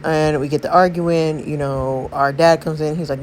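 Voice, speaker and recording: A woman's voice: deep voice, steady tone, normal speed, a little mellow, slight background noise, low-quality recording. A woman hosting a gaming channel, rambling through a casual recap and commentary with many fillers and self-corrections. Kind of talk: casual story recap and gameplay narration.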